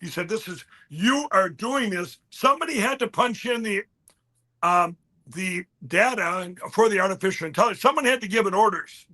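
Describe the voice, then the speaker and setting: A man speaking as an interview guest, telling a long story in an animated, rambling way and quoting other people as he goes. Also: high voice, moderate pace. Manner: animated, quotes others in mid-story, frequent restarts.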